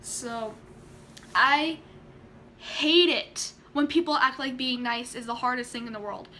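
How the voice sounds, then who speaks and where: A young woman telling a story in a casual vlog, chatty and animated, acting out quotes and laughing often. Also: sits high, unhurried, a little hiss or hum. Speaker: vlogger.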